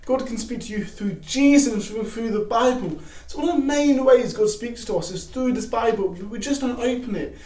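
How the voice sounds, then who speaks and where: A young man giving casual faith advice to camera, animated, acting out excited quotes. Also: extremely high pitch, moderate pace, few pauses. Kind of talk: casual devotional talk to camera. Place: garage. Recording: echoey garage from a distance.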